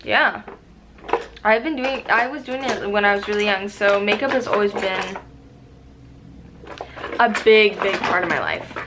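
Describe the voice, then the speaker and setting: A young woman rambling casually in a makeup vlog, profane and excitable with lots of fillers, recorded on a camera mic at home. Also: medium pitch, measured pace, pauses often, background noise. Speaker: beauty vlogger.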